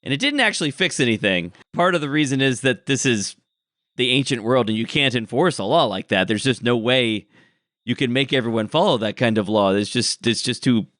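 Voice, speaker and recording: A man's voice: mid-range voice, animated, a little fast, fairly bright tone, no echo, clean studio sound. A man chatting casually as the show's writer, explaining history with laughs. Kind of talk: casual chat.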